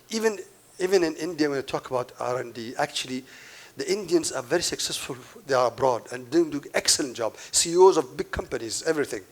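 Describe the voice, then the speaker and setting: Emphatic man giving a keynote speech. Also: on the high side. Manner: emphatic, repeats key points, asides to the audience. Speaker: keynote speaker. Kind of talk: conference speech to an audience.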